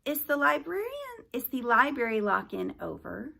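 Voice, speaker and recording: A woman's voice: high-pitched, huge pitch swings, moderate pace, creaky, pushed and bright, pitched above the performer's own voice, heavily acted. A woman voicing an eager, friendly teenage boy who talks in an earnest, upbeat way.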